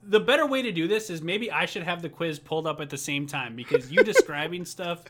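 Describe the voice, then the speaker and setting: A man's voice: on the high side, brisk, fairly bright tone. A young man from Minnesota co-hosting a casual chat, joking, laughing often and swearing offhandedly. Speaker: podcast co-host.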